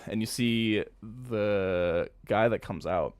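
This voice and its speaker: Young male game master, low and loose, rambling narration, dry. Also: slow pace, dry recording.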